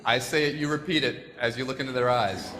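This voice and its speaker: A man's voice: medium pitch, brisk, pushed and bright. Man speaking in a reverberant hall. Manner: chatty, self-deprecating, gets choked up. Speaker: speaker addressing a school assembly. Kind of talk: casual, joking motivational talk. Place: large hall with an audience. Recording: long hall reverb, faint room noise.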